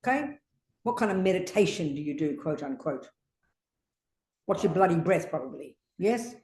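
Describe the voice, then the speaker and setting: With a darkish tone, a lowish voice and lively, fairly quick speech, an older female Buddhist teacher interrogates her student abruptly and confrontationally. She curses openly, and the room she's in is echoey.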